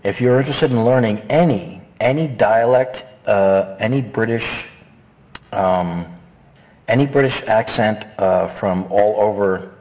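A man giving casual, animated, rambling advice on voice acting, slipping into quick character voices. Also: lowish voice, muffled recording. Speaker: voice acting instructor. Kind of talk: casual instructional talk.

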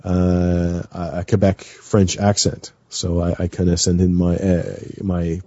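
A man's voice: low voice, completely flat delivery, a little slow, dark tone, no room sound, muffled recording. A man chatting as a guest on a radio show, nervous and rambling with many fillers and restarts. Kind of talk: casual chat.

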